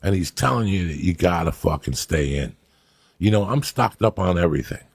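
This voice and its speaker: An older man tells profane street stories as a host. His voice sits low, rough and gravelly, with a raspy, husky edge. He talks in a loose, animated monologue. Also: brisk, no room sound. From New Jersey. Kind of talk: casual storytelling monologue.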